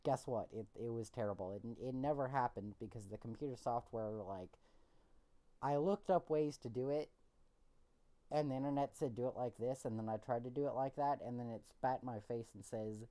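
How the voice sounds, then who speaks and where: A man's voice: medium pitch, brisk, warm tone. A young man co-hosting a casual chat over voice chat, rambling through stories and acting out quotes. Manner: rambling storyteller, acts out quotes. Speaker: podcast co-host. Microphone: voice chat headset.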